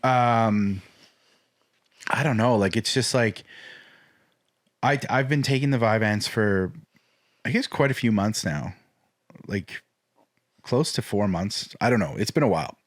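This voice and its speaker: A man's voice: lowish voice, a little slow, long pauses, no echo. A laid-back man hosts a casual podcast, talking bluntly and swearing without a second thought. His voice sounds dry and close, with no room sound around it. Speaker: podcast host.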